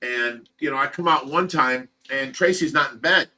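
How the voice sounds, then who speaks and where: A man's voice: mid-range voice, normal speed, sharp tone. A man hosting a livestream, giving an earnest, emotional personal update in a rambling, casual way. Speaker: livestream host of a fish rescue.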